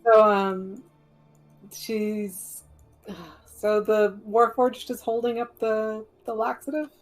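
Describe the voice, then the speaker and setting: A woman's voice: medium pitch, flat delivery, slow, soft background music, rough recording. A woman player describing her character's actions in casual tabletop game chat.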